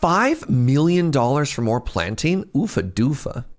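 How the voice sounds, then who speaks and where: A man's voice: medium pitch, very animated, unhurried. A man streaming a game, chatting casually, telling stories and laughing often between moves. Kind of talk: casual gameplay chat.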